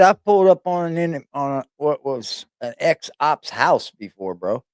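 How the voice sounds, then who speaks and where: A man's voice: a little high, very animated, a little slow, clear, resonant tone, no room sound, clean studio sound. A man giving loose, profane, rambling reaction commentary on a stream, full of slang.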